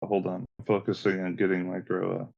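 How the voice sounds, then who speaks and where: Raid leader on voice chat: low, gravelly man with a calm, directing manner, on dull lo-fi stream audio. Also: normal speed. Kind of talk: casual voice chat while gaming.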